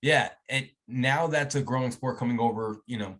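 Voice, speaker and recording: A man's voice: medium pitch, normal speed, fairly bright tone. A man hosting an interview show, chatting enthusiastically with frequent restarts. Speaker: host. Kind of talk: interview chat.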